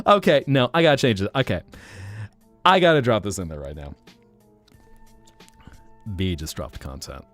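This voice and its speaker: A man's voice: lowish voice, huge pitch swings, moderate pace, long pauses, fairly bright tone, no room sound, faint music behind. A man hosting a livestream in casual chat, playful and jumping between joke accents. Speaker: livestream host.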